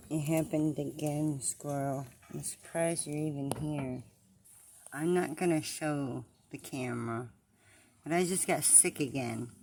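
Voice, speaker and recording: A woman vlogger talking through her distress in a confessional video, halting and repeating herself, trailing off mid-thought. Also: a bass voice, a little mellow, slight background noise. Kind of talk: confessional vlog.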